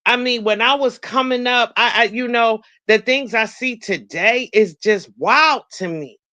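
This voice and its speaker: A woman's voice: a little high, unhurried, bright, forceful tone, no echo. A middle-aged woman telling stories on a video call, indignant and preachy about how people behave. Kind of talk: casual live-stream chat.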